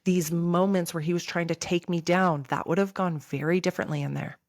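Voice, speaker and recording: A woman's voice: on the low side, steady tone, a little fast, no echo. A woman in her thirties hosting a podcast, telling a personal story earnestly and speaking directly to her listeners. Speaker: podcast host. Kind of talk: candid podcast chat.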